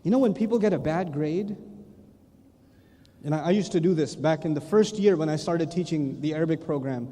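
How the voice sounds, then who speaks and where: A man's voice: on the high side, a little fast. A man giving a humorous religious lecture, telling stories animatedly and acting out voices. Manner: animated storytelling, acts out voices. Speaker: Islamic lecturer. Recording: echoey lecture hall.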